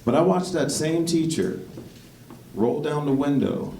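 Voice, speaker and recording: A man doing a stand-up comedy set, rambling and correcting himself, with sudden jumps into high-pitched bursts. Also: expressive, a little slow, dark tone, recorded from a distance. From United States. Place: comedy club stage. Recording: echoey club recorded from afar, noisy. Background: audience laughter.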